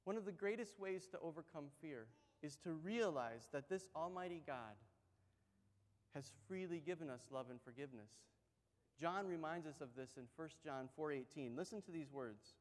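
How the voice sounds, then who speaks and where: A man's voice: on the high side, normal speed. A man preaching a sermon as pastor, talking conversationally and acting out the story's voices with energy. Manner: conversational, animated storytelling with acted-out quotes. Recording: long hall reverb.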